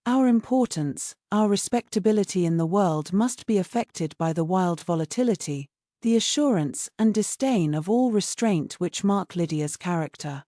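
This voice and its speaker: A woman's voice: on the low side, expressive, moderate pace, mellow, dry recording, clean studio sound, natural voice. A woman voicing an earnest, sensible young woman in a storybook, pleading her case plainly.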